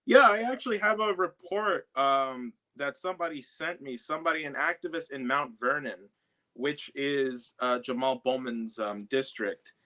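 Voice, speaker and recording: A man's voice: mid-range voice, normal speed, bright, forceful tone. A man from the South Bronx, telling a story in casual podcast talk, with many fillers and restarts. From South Bronx, New York. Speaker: guest, activist who confronted a congressman.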